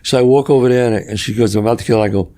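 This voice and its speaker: A man telling animated stories in a casual podcast chat, acting out dialogue and swearing freely. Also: mid-range voice, very fast. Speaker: guest actor telling stories.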